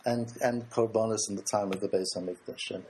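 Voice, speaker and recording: A man's voice: fairly low pitch, fairly even intonation, a little fast, a little mellow, a little hiss or hum. A man teaching a religious lecture to a group, asking rhetorical questions and answering them himself, earnest and emphatic.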